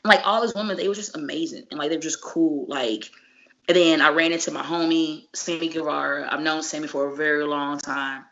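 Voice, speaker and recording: A woman with a fairly low voice tells stories in a casual interview, animated, full of slang and profanity. Her voice comes through a dull, lo-fi recording that takes the crispness off her words. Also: fairly quick. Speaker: wrestler guest.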